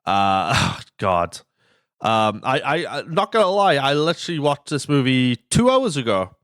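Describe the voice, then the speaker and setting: A man's voice: mid-range voice, sing-song, unhurried, a bit bright, no room sound, studio quality. A young man hosting a casual film podcast, rambling, swearing and stumbling over his words. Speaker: podcast host.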